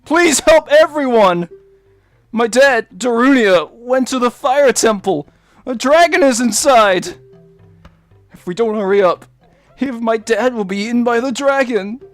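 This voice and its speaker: A man voicing a small, scared, eager Goron boy from a video game, in a soft, gentle, crying voice. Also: extremely high pitch, animated, measured pace, no room sound, soft background music. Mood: pleading.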